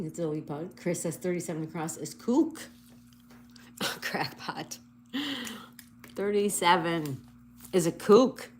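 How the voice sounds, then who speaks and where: A woman hosting a casual livestream, reading viewer comments and slowly spelling out crossword answers letter by letter. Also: lowish voice, darkish tone, a little hiss or hum. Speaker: livestream host.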